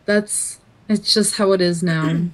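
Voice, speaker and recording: A woman's voice: fairly low pitch, fairly even intonation, takes it slowly, low-quality recording. Easygoing woman podcast co-host. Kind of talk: casual chat.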